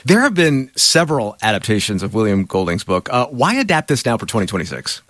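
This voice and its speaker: A man's voice: lowish voice, sing-song, a little fast, fairly bright tone, dry recording, studio quality. A middle-aged man hosting an interview, asking questions in an earnest, chatty, self-deprecating way. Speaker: interviewer host. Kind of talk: conversational interview.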